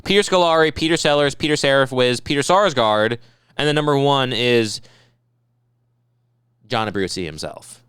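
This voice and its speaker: A man co-hosting a podcast in casual chat, with fast, profane, excitable banter. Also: mid-range voice, clear, resonant tone, no room sound, clean studio sound. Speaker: podcast co-host.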